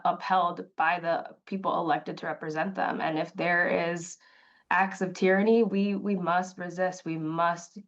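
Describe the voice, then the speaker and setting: A woman city council member speaking in a live news interview, impassioned and emphatic, repeating phrases, and emotional at times. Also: fairly low pitch. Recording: slightly dull remote audio.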